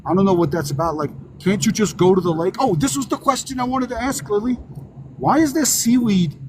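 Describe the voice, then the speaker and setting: A man's voice: sits high, a little fast, background noise. A man hosting a casual chat, joking crudely and interrupting a story with questions. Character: undead entertainer persona. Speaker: host. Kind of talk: casual live-stream chat.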